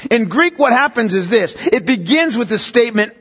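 A male pastor with a high, husky, expressive voice delivers an emphatic expository sermon at normal speed with few pauses. He presses his points hard, then drops low and hushed for stress. A long hall reverb fills the sound, as in a church sanctuary.

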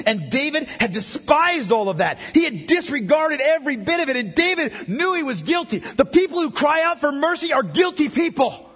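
A man preaching a sermon as a pastor, impassioned and emphatic, with a husky voice. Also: extremely high pitch, fairly bright tone. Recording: long reverb of a large hall.

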